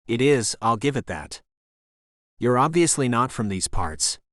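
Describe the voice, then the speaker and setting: Male narrator doing a bubbly English waitress, gossipy and warm, pitch swinging freely. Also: lively intonation, unhurried, dry recording, clean studio sound. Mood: friendly. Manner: breezy, chatty, warm. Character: friendly chatty young English waitress.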